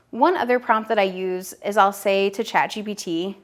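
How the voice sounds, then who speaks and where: A woman's voice: medium pitch, normal speed, few pauses. A woman in her thirties teaching business owners directly to camera, upbeat and direct, talking straight to the viewer. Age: 30s. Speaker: online business educator.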